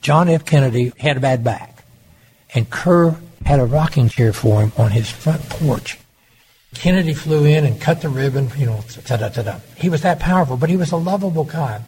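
A man's voice: a little high, normal speed, darkish tone, slight background noise, poor audio. An older man from Oklahoma, a former governor, telling stories in an interview and acting out the dialogue he quotes. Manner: anecdotal, acts out quoted dialogue. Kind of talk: storytelling interview.

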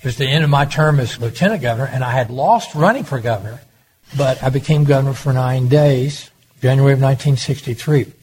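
A man's voice: medium pitch, a little fast, darkish tone, slight background noise, poor audio. An older man from Oklahoma, a former governor, telling stories in an interview and acting out the dialogue he quotes. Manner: anecdotal, acts out quoted dialogue. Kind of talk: storytelling interview.

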